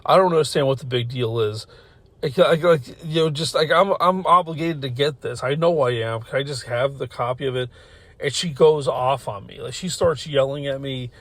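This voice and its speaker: A man's voice: medium pitch, normal speed, no echo. A man hosting a podcast, telling a long personal story in a rambling, profane way, often restarting sentences. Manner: rambling, profane, self-interrupting, laughs while telling. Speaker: podcast host. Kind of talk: casual storytelling.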